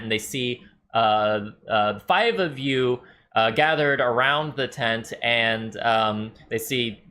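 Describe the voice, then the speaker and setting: Bright-voiced man narrating as game master. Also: mid-range voice. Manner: loose, rambling narration with many fillers.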